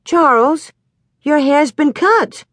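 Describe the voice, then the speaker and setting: A woman voicing a practical pioneer mother in a story reading, brisk and homely, quick to alarm. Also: mid-range voice, animated, a little mellow, no room sound, clean studio sound, close to an everyday voice.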